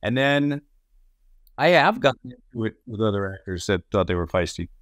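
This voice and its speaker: A man with a low voice tells his stories from film and TV sets in a loose, animated way, acting out the lines of the people in them and swearing as he goes. The sound is dry and close, with no room heard behind him. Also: normal speed, no echo. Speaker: podcast co-host and actor. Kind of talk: casual storytelling chat.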